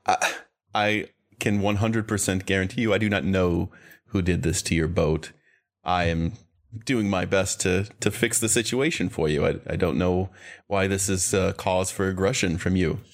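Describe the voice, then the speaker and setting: A man running a tabletop game as game master, calm and patient in character. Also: deep voice, moderate pace.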